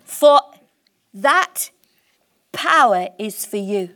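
A woman preaching a sermon in church, impassioned and emphatic, slowing down to stress key words. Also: mid-range voice, lively intonation, a bit bright.

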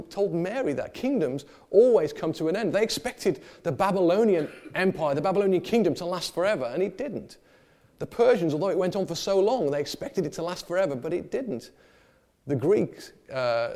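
Animated preacher, mellow voice. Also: male voice, a little high. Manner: animated, acts out the people in the story with humor. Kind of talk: sermon. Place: church.

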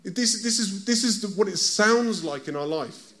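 A man's voice: sits high, lively intonation, moderate pace, a bit bright. A man with a British accent preaching a conversational sermon, often stopping to ask his listeners direct questions. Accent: British English.

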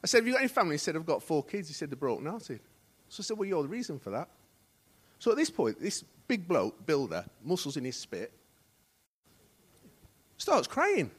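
A fast-talking middle-aged man with a highish, sing-song, slightly rough voice delivers a sermon as associate pastor. He tells stories and performs the dialogue, shifting between hushed and loud tones, in a church hall.

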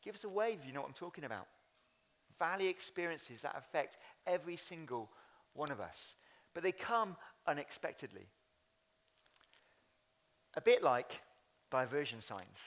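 A man's voice: a little high, big pitch swings, normal speed, long pauses, a bit bright. A man who is a church leader, preaching a sermon at a Sunday service in a chatty way, speaking straight to the congregation. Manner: chatty, addresses congregation directly.

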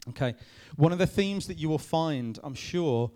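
A man, a youth pastor giving a lively talk to a youth group, checking in with them often. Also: on the high side, normal speed. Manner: lively, addresses the group with frequent "okay?" checks. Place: room with a live youth audience.

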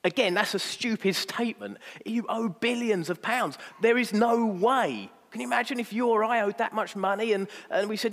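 A man's voice: sits high, normal speed, few pauses, in a large hall. A man preaching a sermon, emphatic and fond of rhetorical asides.

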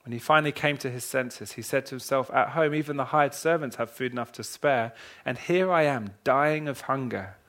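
A man preaching a sermon, retelling a parable in a dramatic way that swings from hushed to loud. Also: medium pitch, moderate pace, few pauses. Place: church hall with a congregation.

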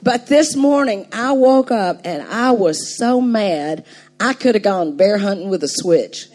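An older woman preaching a sermon, telling a story with animated emphasis and laughing now and then. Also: medium pitch, measured pace.

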